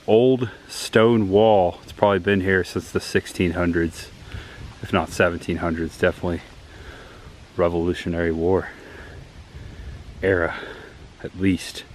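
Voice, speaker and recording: Low-pitched and level in tone, this man speaks at normal speed but pauses often, with slight background noise. Out of breath, he narrates a handheld walk-and-talk vlog outdoors in the woods, touring filming locations and eagerly pointing things out along the way.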